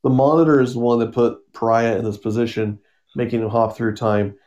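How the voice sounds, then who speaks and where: A man's voice: medium pitch, steady tone, a little fast, a little mellow, muffled recording. A man casually summarizing a comic book story on a podcast, rambling with fillers and acting out the characters' lines. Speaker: podcast co-host.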